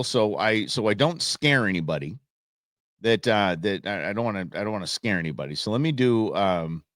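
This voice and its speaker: Lively-pitched chatty male show host. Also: no echo, clean studio sound. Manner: rambling, chatty, many restarts. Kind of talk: live political commentary.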